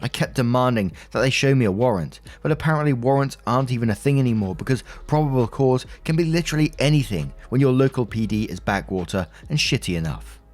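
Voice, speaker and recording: A man reading a written forum post aloud in a plain, even voice. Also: medium pitch. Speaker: storytime narrator. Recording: faint music under the voice.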